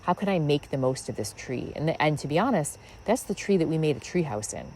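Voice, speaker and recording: A woman's voice: sits low, animated, fairly quick, a little mellow, slight background noise, poor audio. A woman hosting a spiritual podcast, talking outdoors in her backyard in a rambling, musing way with many fillers. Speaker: podcast host. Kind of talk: reflective spiritual monologue.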